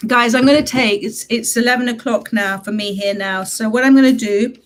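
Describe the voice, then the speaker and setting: A woman with a croaky voice giving a live tarot reading from home, gentle and affectionate with her viewers. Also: fairly high pitch. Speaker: tarot reader hosting a live stream. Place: at home, reading from a computer late at night.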